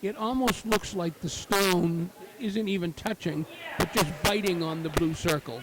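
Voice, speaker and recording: A high-voiced man calls a curling match at a measured pace, walking listeners through the game. He uses many fillers and cheers good shots as the crowd in the ice rink makes noise around him.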